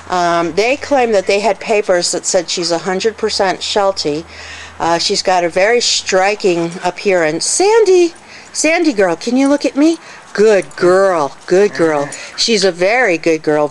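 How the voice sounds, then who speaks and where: Slow, affectionate woman among barking dogs. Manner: affectionate, switches to a high sing-song when calling the dogs. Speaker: dog rescue volunteer. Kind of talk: casual video tour introducing dogs. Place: indoors at home among many dogs. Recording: noisy room with dogs barking.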